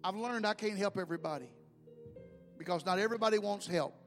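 A man's voice: sits high, fast talker. Man, pastor, sermon, folksy emphatic storytelling, long reverb, faint music behind. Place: church sanctuary.

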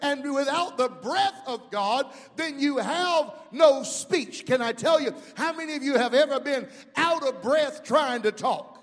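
A middle-aged male pastor preaching a sermon, calling out to the congregation and rising into shouts. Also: extremely high pitch, animated, unhurried, few pauses, long reverb tail, faint music behind. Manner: preaching with call-outs to the congregation.

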